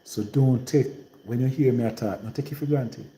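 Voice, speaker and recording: A man's voice: mid-range voice, moderate pace, mellow, echoey room, rough recording. A man from Jamaica speaking in a rural Trelawny patois accent, rambling and repeating himself in a casual live-stream monologue. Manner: rambling and repetitive, in heavy patois.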